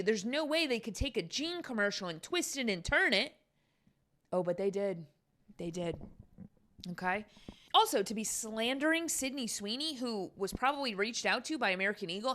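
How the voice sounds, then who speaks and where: A woman's voice: on the high side, expressive, normal speed, a bit bright. Young woman, solo podcast host, casual chat, exasperated, sarcastic, lots of fillers, talking into a podcast mic.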